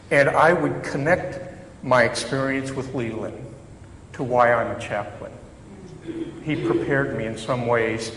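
In a church sanctuary, a chaplain delivers a conversational, contemplative sermon laced with jokes at his own expense. He has a fairly bright, mid-range male voice. The sound carries echoey hall reverb along with faint background noise.

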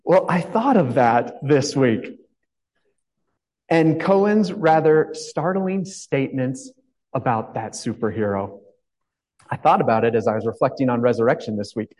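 A man's voice: mid-range voice, animated, a little slow, a little mellow, poor audio. A male pastor giving a reflective, conversational sermon, asking his congregation questions as he goes.

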